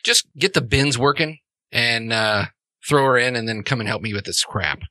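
A man's voice: medium pitch, animated, normal speed, bright, forceful tone, no room sound. Man doing a brash foul-mouthed orc. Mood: shocked. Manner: profane, brash. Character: gruff male orc food-truck worker, streetwise.

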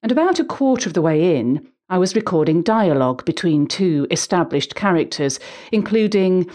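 Measured, articulate middle-aged woman narrator. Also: lowish voice, expressive. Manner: measured, articulate, gently humorous. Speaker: volunteer audiobook narrator. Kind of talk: reading a prepared personal account.

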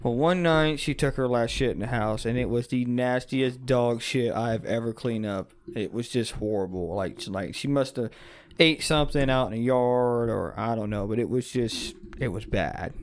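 A man telling a story on a podcast in casual, profane chat, animated and laughing as he goes. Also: mid-range voice, normal speed, hardly any pauses. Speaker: podcast co-host.

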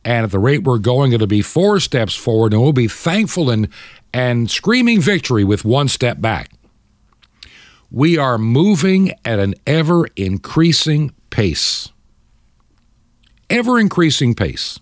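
A man's voice: medium pitch, big pitch swings, unhurried, no room sound, studio quality. Impassioned older man preaching on radio. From United States. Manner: impassioned, preachy, mocks opponents in quoted voices. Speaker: radio talk show host. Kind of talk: Christian talk radio commentary.

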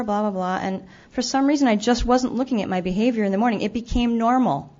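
A woman with a fairly high but darkish voice speaks quickly, hardly pausing, as she shares her recovery story in a dull lo-fi event recording. Her testimony is candid and self-deprecating, with occasional stumbling restarts and moments where she acts out her past remarks.

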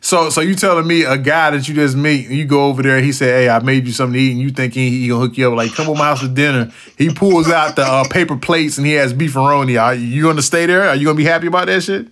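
A man hosting a casual interview podcast, joking and animated, laughing often and swearing freely. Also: on the high side, fast, hardly any pauses. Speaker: podcast host.

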